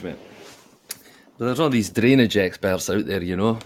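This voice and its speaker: Jokey Scottish podcast co-host. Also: male voice, on the low side, moderate pace. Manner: jokey, laughs often, calls people mate. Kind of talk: casual football chat.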